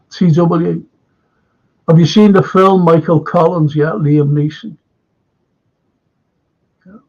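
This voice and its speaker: An older man with a Liverpool accent talks slowly and warmly in a husky, slightly high voice, wandering from thought to thought and restarting his sentences. The stream audio sounds dull and lo-fi. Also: steady tone. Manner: slow, meandering, with many restarts. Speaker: live stream host reading viewer comments. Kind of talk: rambling casual chat.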